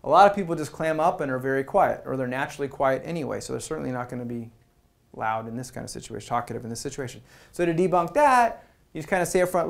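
A man's voice: medium pitch, gravelly. A middle-aged man giving a talk at a product meetup, telling stories and acting out quotes. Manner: fast, animated storytelling with acted quotes. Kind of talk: conference talk.

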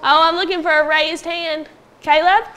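Woman teacher in a classroom, sounding out words slow and patient, high voice. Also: fairly even intonation, bright, forceful tone. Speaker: elementary school teacher. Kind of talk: classroom phonics lesson. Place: classroom with young pupils.

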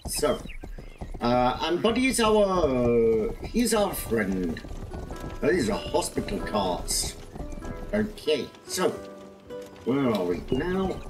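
A man giving relaxed, rambling commentary over his own gameplay, in no hurry at all. His pitch moves around freely as he talks. Faint game music and horse hooves sit behind him. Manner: rambling, self-narrating play. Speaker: gaming video host.

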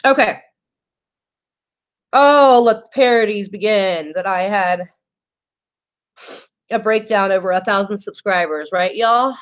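A woman's voice: mid-range voice, unhurried. A woman, chatting casually on a beauty livestream, emotional and grateful while reading viewers' comments. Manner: emotional, grateful, tearful at times. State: teary.

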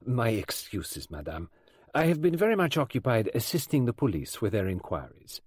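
A man's voice: mid-range voice, sing-song, breathy edge, no echo, clean studio sound. A man doing a precise old detective. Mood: courteous. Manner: precise, gentle, measured. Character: fussy elderly male Belgian detective. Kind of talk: audiobook character voice.

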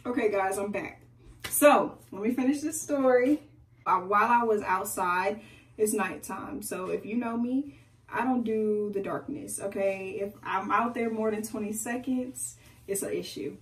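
A young woman, a beauty vlogger, chatting casually with viewers in an animated way as she tells a personal story during a hair routine at home. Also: mid-range voice, a little slow, distant mic. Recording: echoey room, away from the mic.

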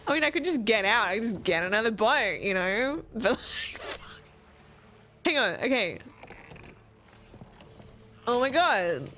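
A woman's voice: mid-range voice, animated, a little slow, fairly bright tone, a little hiss or hum. A woman streaming a video game, joking, swearing freely and laughing often. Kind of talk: live gameplay commentary.

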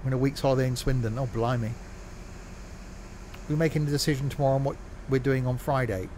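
A man's voice: medium pitch, fairly even intonation, fast, mellow, slight background noise. A man streaming a train simulator, chatting casually and joking with his viewers as he drives. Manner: joking, chatty, banters with chat. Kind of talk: casual live-stream chat while playing.

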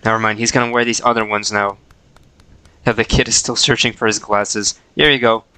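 A man's voice: fairly low pitch, fairly even intonation, brisk, pushed and bright, clean tone, poor audio. A man casually commenting on his own gameplay on a livestream, joking and talking back to the characters. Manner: playful, jokey, talks to the characters. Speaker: streamer.

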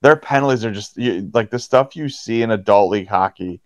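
Brisk and with no room sound, this Pittsburgh-area hockey ref spins lively stories in a casual interview, imitating players' lines with sudden leaps in his voice; the podcast audio is dry and a bit dull.

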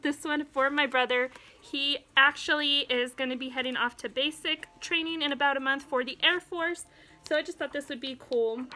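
A woman's voice: high-pitched, pushed and bright. A young adult woman, out of breath, chatting casually through a haul video at home and breaking off to talk to her toddler. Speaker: haul vlogger and mom. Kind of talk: casual show-and-tell chat. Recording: home video with background noise.

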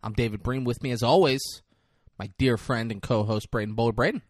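A man's voice: medium pitch, fairly quick, no echo, clean studio sound. A man hosting a comedy podcast, ranting in a casual, profane, jokey way. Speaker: podcast host.

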